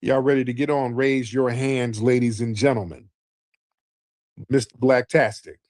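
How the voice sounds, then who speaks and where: A man hosts a call-in talk show in a loose, conversational commentary style. His voice sits at an ordinary middle pitch and sounds dry and close, with no room around it. He speaks emphatically and often pushes higher when he gets worked up. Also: unhurried, no echo. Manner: emphatic, animated, rising in pitch when indignant. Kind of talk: casual livestream commentary.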